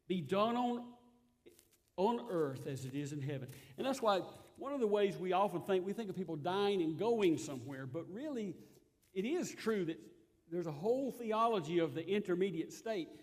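Guy preaching a sermon, pretty high voice, gets loud then goes quiet, drifts off mic sometimes. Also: lively intonation, normal speed. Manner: earnest, swings between loud emphasis and soft asides. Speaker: pastor.

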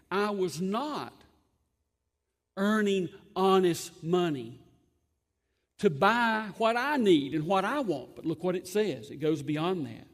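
High-voiced Southern preacher, folksy and joking. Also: male voice. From Southern United States. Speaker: pastor. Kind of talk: sermon. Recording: long hall reverb.

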